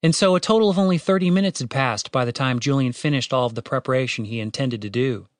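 A man narrating a fantasy audiobook in a steady, wry storytelling way, with casual swearing. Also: medium pitch, fast talker, dry recording, clean studio sound.

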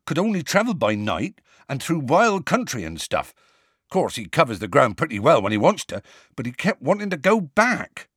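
A man's voice: mid-range voice, huge pitch swings, moderate pace, fairly bright tone, no room sound, clean studio sound, voice pushed up, heavily acted. Man doing Hagrid, tearful anxious half-giant. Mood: earnest. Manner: rough country dialect, pleading.

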